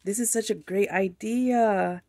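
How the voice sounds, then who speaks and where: A woman with a Mexican-American accent excitedly chatting as a craft channel host, gushing over a mail package. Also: medium pitch, measured pace, no echo, studio quality. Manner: gushing, excited, frequent laughs. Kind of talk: casual unboxing chat.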